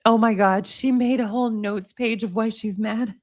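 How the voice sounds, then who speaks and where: A woman's voice: fairly high pitch, steady tone, normal speed. A woman in her forties, commentating casually as host, reading text messages aloud and reacting bluntly with plenty of laughter and swearing. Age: 40s.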